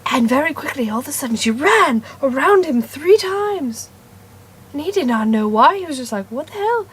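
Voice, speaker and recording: A woman making up a story on the spot, playful and meandering, with sudden loud bursts and whispered asides. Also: high-pitched, lively intonation, normal speed. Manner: meandering, self-correcting. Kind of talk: improvised storytelling.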